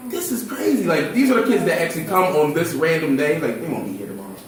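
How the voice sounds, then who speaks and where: A man in his twenties from Philadelphia who works with charter school kids, talking casually in an animated, slangy way with acted quotes. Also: fairly high pitch, fast talker, very echoey, recorded from a distance, a crowd in the background, poor audio. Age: 20s. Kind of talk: casual discussion.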